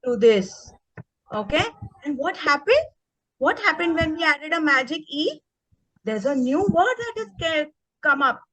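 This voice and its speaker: A woman's voice: sits high, very animated, a little slow, long pauses, fairly bright tone, no echo, rough recording. A woman leading an online teacher workshop. She speaks with energy and keeps checking in with the group by asking "okay?". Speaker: teacher trainer. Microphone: video call.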